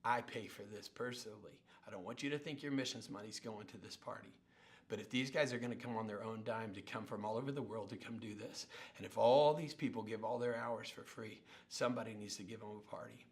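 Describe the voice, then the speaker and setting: A middle-aged male pastor telling stories in a sermon, animated and acting out the people he quotes. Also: on the low side, a little fast. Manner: animated storyteller, acts out quotes and sounds. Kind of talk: sermon storytelling.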